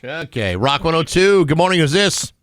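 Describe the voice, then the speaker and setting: A man's voice: on the high side, sing-song, a little fast, fairly bright tone, clear, resonant tone, no echo. A man hosting a morning radio show and taking calls, breezy and wry.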